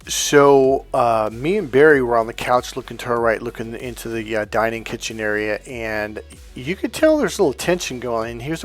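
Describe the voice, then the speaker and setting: A man's voice: mid-range voice, expressive, moderate pace, soft background music. Rambling, profane male storyteller. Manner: profane, rambling, with many restarts. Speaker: dating coach. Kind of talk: casual anecdote storytelling.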